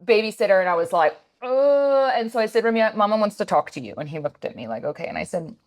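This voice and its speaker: A woman in her thirties co-hosting a podcast, telling family stories in a casual, animated chat with lots of fillers. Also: fairly low pitch, very fast. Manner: animated storytelling, many fillers. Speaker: podcast co-host.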